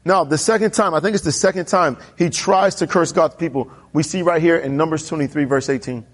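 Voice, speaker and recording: A man preaching a sermon as pastor, telling a Bible story with animated character voices and questioning the congregation. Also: a little fast, breathy edge. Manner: animated storytelling, voicing characters with pitch jumps.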